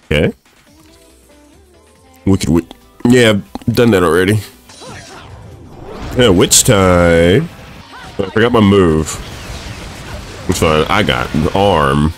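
A young man casually commentating his own gameplay, excitable and swearing at the screen. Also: deep voice, takes it slowly, long pauses, soft background music. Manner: excitable, swears and laughs often, talks to the screen. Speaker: gaming streamer. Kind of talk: let's play commentary.

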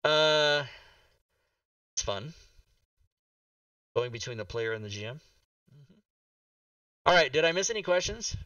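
A man's voice: fairly high pitch, very animated, measured pace, pauses often, pushed and bright, no echo, recorded from a distance, lo-fi sound. A man hosting a casual talk show livestream, exasperated and swearing, with many restarts.

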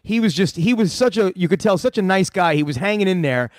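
A man with a notably high voice tells rambling, profane stories about his prank calls, full of restarts and asides. The recording is dry and close, with almost no room sound. He talks like a comedian chatting loosely with a fan on the radio. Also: animated, brisk, no room sound. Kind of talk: casual radio chat.

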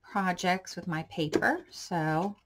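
A woman hosts a casual crafting tutorial in a somewhat low voice. She talks in a chatty, rambling way and drifts into side stories while she works. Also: takes it slowly, a little hiss or hum. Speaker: craft channel host.

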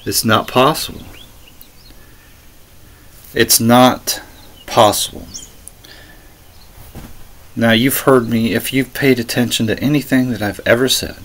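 A man delivering slow, deliberate commentary that rebuts a preacher, pressing his points again and again. His tone is argumentative and often sarcastic. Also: mid-range voice, fairly even intonation, fairly bright tone. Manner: argumentative, sarcastic, insistent repetition. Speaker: religious commentator.

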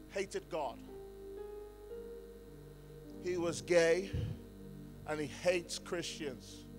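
A male pastor preaching an emphatic sermon, swinging between loud declarations and quiet asides. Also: a little high. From England. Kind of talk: conference sermon.

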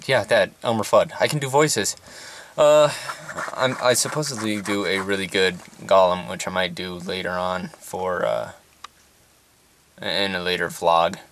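A man's voice: sits low, noisy background. A young man in his twenties, a soldier, rambling casually with lots of fillers in a vlog, sitting in a parked van. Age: 20s. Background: distant rifle fire.

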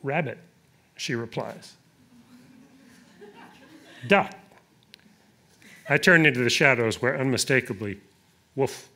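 Man, poet, live poetry reading, deliberate, hesitant asides. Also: mid-range voice, gravelly, pushed and bright.

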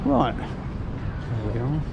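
A man's voice: medium pitch, wildly swooping pitch, very slow, lo-fi sound. A man giving a chatty, upbeat walking tour outdoors, talking to viewers while he walks along a resort street with a camera. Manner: chatty, upbeat, keeps addressing viewers as guys. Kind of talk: casual walking-tour commentary. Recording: clear street traffic noise behind.

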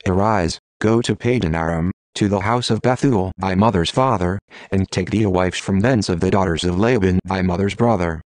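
A synthetic male text-to-speech voice reading scripture in an even, measured way. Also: low voice, no echo. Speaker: Bible reader.

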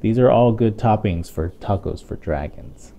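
A man reading a picture book aloud to a child, playful and expressive, with chatty asides to his young listener. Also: lowish voice, normal speed, vocal fry. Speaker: storytime reader.

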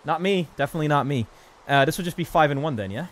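A young man casually streaming a building game, rambling, cracking self-mocking jokes to his chat and counting out loud under his breath. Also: fairly high pitch, expressive, fast talker, music in the background. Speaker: gaming streamer. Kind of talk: casual live-stream commentary while building.

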